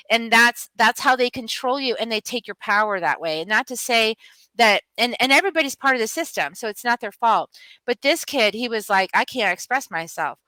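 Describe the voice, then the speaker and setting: A woman's voice: a little high, pushed and bright, no room sound, low-quality recording. A middle-aged woman, a healer and author, telling stories with fervent, emphatic, repetitive urging. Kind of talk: passionate interview storytelling.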